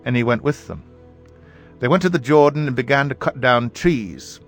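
A man reading scripture aloud in a measured, even voice. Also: medium pitch. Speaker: Bible reader. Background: faint background music.

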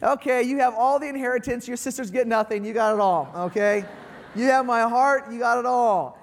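High-pitched guy in his 40s giving a playful folksy sermon, lots of church echo. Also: a little fast. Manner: folksy and playful, acts out his daughters' voices. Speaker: guest pastor. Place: church sanctuary. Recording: long hall reverb.

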